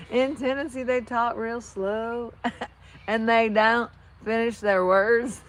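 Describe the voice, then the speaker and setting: At a measured pace and with fairly even intonation, a woman with a medium-pitched voice and a New Jersey accent chats casually with livestream viewers. She rambles and laughs often, out in the open with horses nearby.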